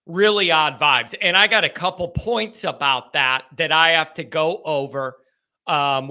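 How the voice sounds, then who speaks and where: A man's voice: a little high, sharp tone. A man hosting a casual fan call-in stream, chatty and rambling, sounding worn out and exasperated. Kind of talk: casual fan talk show.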